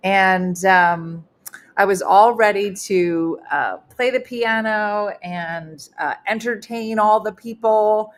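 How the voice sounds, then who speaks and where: A woman's voice: mid-range voice, takes it slowly. A middle-aged woman, a comedian hosting a casual online chat show, telling stories with lots of fillers. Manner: chatty storyteller with many fillers. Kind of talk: casual live-stream chat.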